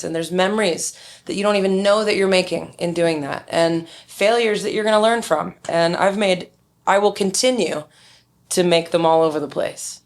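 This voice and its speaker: Middle-aged woman, lowish voice, chatty and candid, tells stories in an interview. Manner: candid, storytelling, acts out quoted dialogue. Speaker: winemaker guest. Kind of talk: conversational interview.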